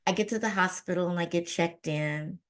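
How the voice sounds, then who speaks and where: A woman giving a keynote talk, telling a personal story in an animated way and acting out the dialogue. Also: on the low side, fairly quick. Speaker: keynote speaker.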